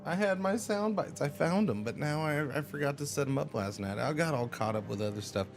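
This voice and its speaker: Rambly chatty dude streaming a game, goofy little outbursts, faint music behind him. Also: male voice, on the high side, animated, brisk, creaky. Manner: chatty, rambling, playful exclamations. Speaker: livestreamer. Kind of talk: casual gaming commentary.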